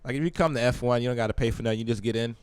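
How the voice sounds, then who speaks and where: A man's voice: mid-range voice, rapid-fire, a little mellow, clean tone, no echo. A man hosting a podcast in casual chat, joking and swearing as he rambles through stories. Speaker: podcast host.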